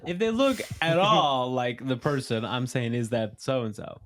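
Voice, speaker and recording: A man's voice: mid-range voice, very animated, measured pace, fairly bright tone. A young man hosting a podcast in a casual chat, telling a story with lots of animation and frequent laughter. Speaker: podcast host.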